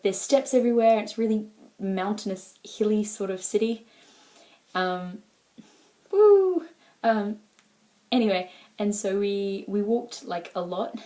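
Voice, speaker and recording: A woman vlogging as an exchange student talks casually to the camera in an Australian accent, rambling with lots of "like" and "um." She has a mid-range voice with a dark tone.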